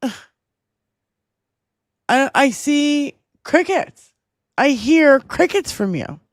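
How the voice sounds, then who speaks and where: A woman's voice: high voice, big pitch swings, drawn-out words, no room sound, clean studio sound. A woman co-host ranting in a heated casual chat, furious and swearing heavily. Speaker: podcast co-host.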